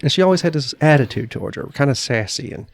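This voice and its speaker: A man's voice: medium pitch, lively intonation, fast, vocal fry. A man co-hosting a podcast, casually retelling things in a rambling way with fillers and restarts. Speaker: podcast co-host. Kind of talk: casual chat.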